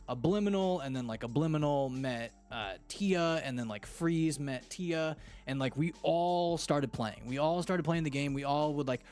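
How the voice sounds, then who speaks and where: A young man hosting his own podcast, chatting casually in a rambling, slangy way that repeats itself. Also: medium pitch. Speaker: podcast host. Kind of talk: casual chat.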